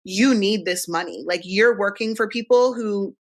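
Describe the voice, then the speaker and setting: A woman's voice: medium pitch, normal speed. Woman podcast host, blunt and frank, swears casually, tired, casual chat and ad reads.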